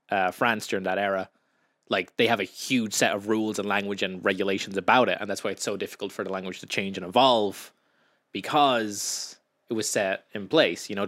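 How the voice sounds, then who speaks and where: A young Irish man chatting on a podcast in a lowish voice. He tells stories at length and drops into acted-out quotes. The talk is loose and casual. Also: a bit bright. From Ireland. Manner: chatty storyteller, acts out quotes in raised voices. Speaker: podcast co-host. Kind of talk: casual chat.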